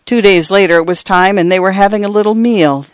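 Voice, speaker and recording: A man reads literary fiction aloud with a measured, wry touch. His voice sits a little high for a man. The sound is close and dry, with no room around it. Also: smooth, no echo. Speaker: audiobook narrator.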